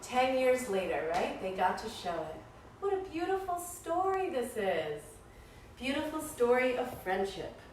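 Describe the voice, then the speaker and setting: Animated woman telling a yoga story. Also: a little high, a little slow. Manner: playful, animated, encouraging. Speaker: kids' yoga teacher. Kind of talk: storytelling yoga class for children. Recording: echoey room, voice far from mic, faint noise.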